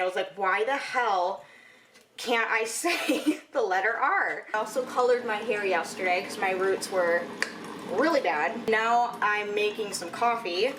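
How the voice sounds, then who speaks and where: A woman's voice: mid-range voice, a bit bright, slight background noise, poor audio. A young woman from Michigan with a Michigan American accent, rambling chattily through a casual home vlog with lots of "like" and "you know". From Michigan, USA. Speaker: vlogger.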